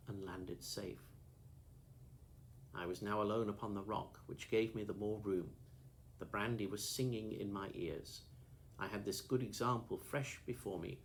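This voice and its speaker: A man reading a classic novel aloud as an audiobook, in a steady, measured first-person storytelling manner. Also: fairly low pitch, slight background noise. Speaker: audiobook narrator.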